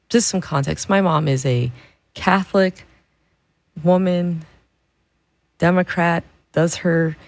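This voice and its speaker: A woman radio DJ back-announcing songs and telling a funny story in casual, chatty talk, laughing often, in a studio. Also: no room sound. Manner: chatty, storytelling, laughs often, imitates her mom in a higher voice. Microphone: studio microphone.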